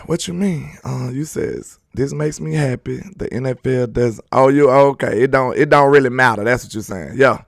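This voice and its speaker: A man's voice: medium pitch, normal speed, vocal fry, few pauses, no room sound, studio quality. A man hosting a sports live stream, chatting casually and reading viewer comments aloud in a laid-back, slangy, joking way.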